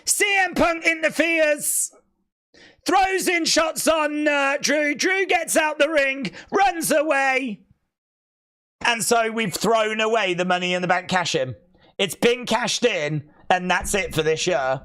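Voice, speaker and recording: A host giving live reaction commentary on a wrestling event, chatty with asides to viewers and bursting into shouts at big moments. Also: medium pitch, slow pace. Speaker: watch-along stream host.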